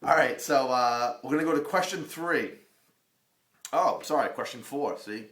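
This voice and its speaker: A middle-aged man with a Boston accent talks in a loose, rambling way, cracking jokes as he gives real estate tips. He is recorded live in a bare room near his office, and his voice echoes around it. His pitch sits in an ordinary middle range for a man. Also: lively intonation, normal speed, fairly bright tone. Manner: rambling, joking, conversational. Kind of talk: live casual video talk.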